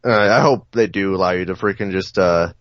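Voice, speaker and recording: Hesitant low-voiced podcast co-host, man. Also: fairly quick, dry recording. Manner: hesitant, full of fillers like "you know". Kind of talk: casual chat. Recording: dry, dull lo-fi sound.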